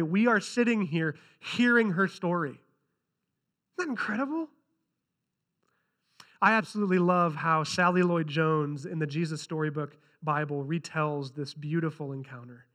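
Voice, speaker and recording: Bright high-voiced man preaching. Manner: earnest, repeats key lines for emphasis. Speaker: pastor. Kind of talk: sermon with scripture reading.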